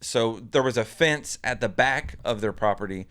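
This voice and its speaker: A young man, co-hosting a podcast and telling a story in a casual, animated way, jumping up in pitch when he quotes people. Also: normal speed. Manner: animated, acts out quotes in a raised voice. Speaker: podcast co-host.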